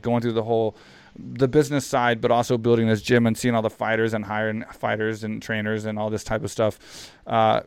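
Smooth, low-voiced admiring gym owner. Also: male voice, no room sound. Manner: admiring, loose, peppered with "like" and "man". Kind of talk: casual chat.

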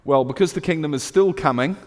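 A man with a British accent preaching a sermon, swinging from loud emphatic declarations to hushed storytelling. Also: on the high side, brisk, in a large hall.

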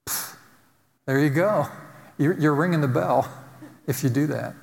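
A man's voice: medium pitch, moderate pace, gravelly, long pauses. Emphatic male preacher in a reverberant hall. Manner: emphatic preaching with repeated phrases, ending in a quieter prayer. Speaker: pastor. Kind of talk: sermon. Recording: long reverb of a large hall.

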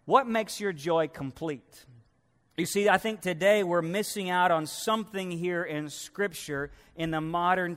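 A man pastor preaching a sermon emphatically, swinging from loud peaks to hushed, drawn-out lows. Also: big-room sound.

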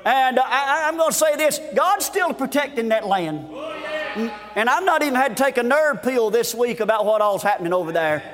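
A man preaching a fervent revival sermon, shouting and repeating his refrains, recorded at a conference. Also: very high-pitched, animated, brisk, in a large hall. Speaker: guest preacher.

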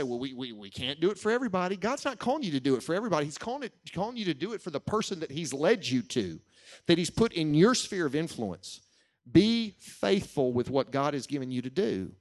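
During a sermon, a middle-aged man with a voice on the high side tells an earnest personal story. Key lines get extra weight as he slows down to deliver them.

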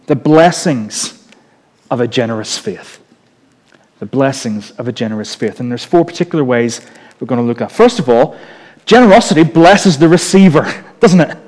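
Male preacher, high voice, joking and chatty sermon delivery, long reverb of a big church hall. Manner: lively, joking, conversational preaching.

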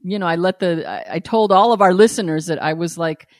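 A woman's voice: fairly low pitch, fairly quick, no echo, clean studio sound. A woman hosting a podcast in casual, candid chat, frank and blunt and often laughing. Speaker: podcast host.

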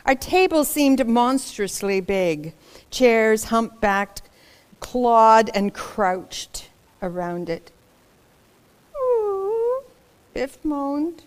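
A woman reading a children's story aloud in a slow, deliberate way, her voice a little high. She is expressive and dramatic, and she stops now and then to speak to young listeners. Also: smooth. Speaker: storybook reader.

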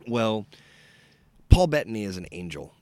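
A young man co-hosting a casual podcast, retelling a horror film plot in an animated, profane way and acting out quotes. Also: on the low side, moderate pace, no room sound. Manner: animated storyteller, swears freely, acts out quotes. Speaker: podcast co-host. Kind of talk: casual movie recap chat.

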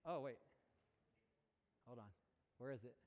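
A man's voice: mid-range voice, measured pace, dull audio. A man, a pastor, preaching a sermon in a church in an earnest, conversational way, asking the congregation rhetorical questions and often correcting himself mid-sentence. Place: church sanctuary. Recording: long reverb of a church hall.

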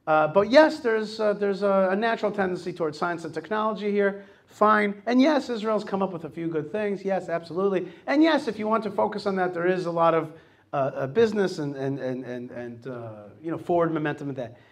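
A man talks as host of a radio show, telling stories with energy and acting out other people's lines. His voice sits fairly high for a man. He is middle-aged and casual. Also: a little fast. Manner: animated storytelling, acts out quotes.

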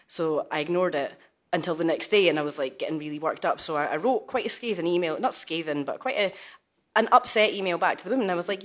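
Woman, panel guest, chatty and colloquial, lowish voice, speaking over a video call. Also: quick pace, fairly bright tone. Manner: chatty, colloquial, many fillers. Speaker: panel guest, law student. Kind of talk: telling her story on a panel.

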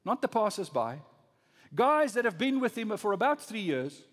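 A pastor preaching a sermon, swinging from loud rising emphasis to low, soft lines. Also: male voice, very animated, normal speed, long reverb tail.

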